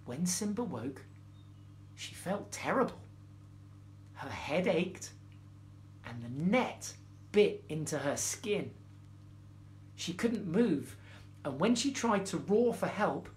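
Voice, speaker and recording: A man's voice: high voice, a little hiss or hum. A man reading a bedtime story aloud, playful, with jokey asides to the listener. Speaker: storyteller, former children's TV presenter.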